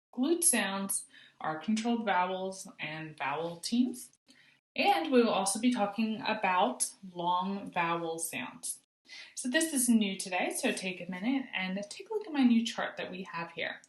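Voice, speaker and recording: A woman teaching a phonics lesson to young children, modeling sounds slowly and clearly for them to echo back. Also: medium pitch, a bit bright. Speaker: kindergarten teacher. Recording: roomy echo.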